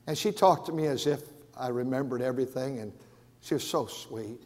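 A man preaching as the pastor of his church, earnest and stumbling over repeated words, rising loud and then dropping to a hush. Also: medium pitch, brisk. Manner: earnest, repeats and restarts words, swings from raised to hushed. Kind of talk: sermon. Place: large church sanctuary. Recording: long hall reverb.

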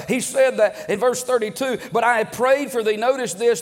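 A man's voice: high-pitched, fairly quick, hardly any pauses. A middle-aged man preaching a sermon to a congregation, repeating words and calling out amen. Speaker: pastor. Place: church sanctuary. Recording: long echo of a large hall.

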